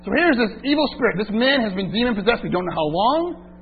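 Animated male pastor preaching a sermon. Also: sits high, quick pace. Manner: animated, rhetorical questions to the congregation. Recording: tinny phone-like sound with hum.

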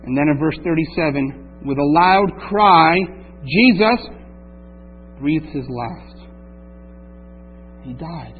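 High-voiced preacher over a tinny line. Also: male voice, lively intonation, slow, long pauses, breathy edge. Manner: dramatic, voices doubting listeners, swings from hushed to loud. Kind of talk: sermon. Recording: tinny phone-like recording with mains hum.

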